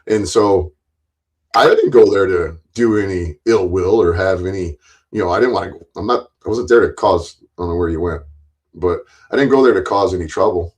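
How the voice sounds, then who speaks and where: A man's voice: sits low, moderate pace, a little mellow, husky, rough recording. A man hosting a live stream, ranting angrily with lots of cursing and rambling restarts.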